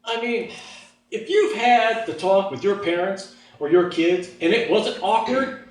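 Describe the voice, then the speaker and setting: A man doing stand-up, telling a story about himself and acting out the voices in his head with big jumps in his pitch. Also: unhurried. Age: adult, looking back on his teens. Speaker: stand-up comedian. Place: stage in a hall with an audience. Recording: echoey hall, mic from far off.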